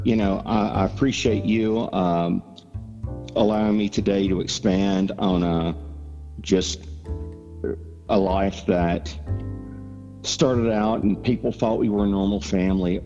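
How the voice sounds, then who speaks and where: A man's voice: lowish voice, fairly even intonation, takes it slowly, long pauses, dark tone, soft background music. A man from Georgia with a Southern accent, chatting folksily as a guest and sharing his testimony. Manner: folksy, joking, chatty with fillers. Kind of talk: casual testimony chat. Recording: dull lo-fi sound with long reverb.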